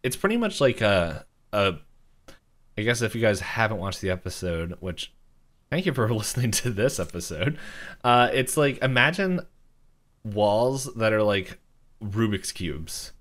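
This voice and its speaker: A man's voice: fairly low pitch, very animated, unhurried, a bit bright. Rambling young man full of "like". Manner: rambling, fills with "like", acts out characters' lines. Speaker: podcast co-host. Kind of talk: casual chat recapping a cartoon episode.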